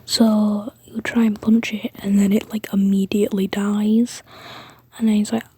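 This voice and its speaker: A woman's voice: mid-range voice, level tone, normal speed, warm tone, slightly rough, no room sound. A woman whispering a rambling story, with frequent fillers and restarts.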